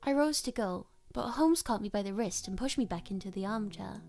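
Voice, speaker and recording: A woman streamer reading a classic story aloud in a relaxed way, stopping now and then to correct a slip. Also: medium pitch, a little fast, creaky, few pauses, faint music behind. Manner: relaxed, stumbles and corrects herself.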